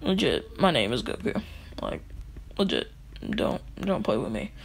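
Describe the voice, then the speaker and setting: Dude rambling a fan story, lots of "like", slangy and jokey, pitch jumps all over. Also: male voice, wildly swooping pitch, a little slow, gravelly, slight background noise. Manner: rambling, full of "like" fillers; casual slang, joking asides.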